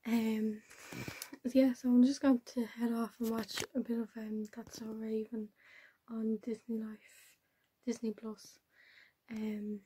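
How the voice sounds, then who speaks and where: A woman's voice: on the high side, little pitch movement, slow pace, mellow, a little hiss or hum, low-quality recording. A young woman chatting casually in a home vlog, rambling with lots of ums and often dropping to a whisper. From Ireland. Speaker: vlogger. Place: home bedroom, indoors.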